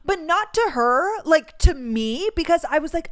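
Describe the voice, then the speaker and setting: Casting: twenties woman host, rambling emotional storyteller, slightly high voice. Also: animated, a little fast, hardly any pauses. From North Dakota, USA. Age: 20s. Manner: chatty, emotional, full of filler words. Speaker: podcast host. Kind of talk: casual storytelling chat.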